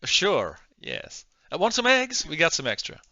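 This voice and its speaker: A hospitable Southern gentleman, as a man puts him on, speaks in a showy Southern US drawl. His pitch swings widely and his tone is bright. The sound is close and dry, on a slightly dull, lo-fi mic. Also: huge pitch swings, unhurried, no room sound, full character voice. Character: genteel male adventurer, southern gentleman.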